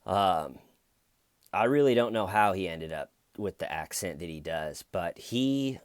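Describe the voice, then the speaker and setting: A man's voice: low-pitched, expressive, moderate pace, dry recording, clean studio sound. A man giving casual true crime commentary as a YouTuber, rambling and wry, with jokes.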